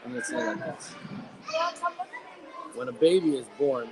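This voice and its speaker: A man moderating a group video call, sharing ideas in an animated, playful way. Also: mid-range voice, moderate pace, crowd noise. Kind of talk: casual group-call hosting. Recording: noisy video call audio.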